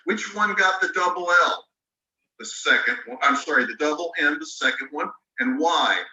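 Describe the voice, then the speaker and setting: A man teaching a spelling lesson on a video call, his voice very bright and somewhat high. He walks through the rule patiently and spells words out letter by letter. He sits back from the microphone, and the room around him rings. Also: normal speed, muffled recording. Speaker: ESL teacher. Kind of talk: online class lecture. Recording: roomy sound, mic at a distance.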